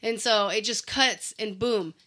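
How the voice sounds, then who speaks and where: A woman's voice: mid-range voice, measured pace, bright, forceful tone. A woman co-hosting a casual movie recap chat, chatty, full of likes and ums as she quotes characters. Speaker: podcast co-host.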